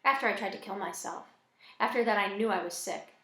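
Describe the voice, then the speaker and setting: A woman voicing a troubled teenage boy who speaks flatly and plainly in a novel reading. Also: mid-range voice, a little fast. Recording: echoey room.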